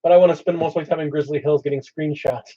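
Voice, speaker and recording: A man's voice: on the high side, steady tone, fast talker, dark tone. A man hosting a casual hobby channel chat, thinking aloud as he explains his plans. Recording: slightly dull lo-fi audio.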